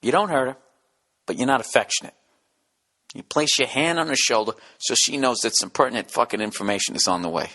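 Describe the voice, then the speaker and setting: Profane, bright-voiced ranting man. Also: mid-range voice, brisk. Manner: profane rant with sudden whispered asides. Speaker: podcast host. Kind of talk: casual comedic monologue.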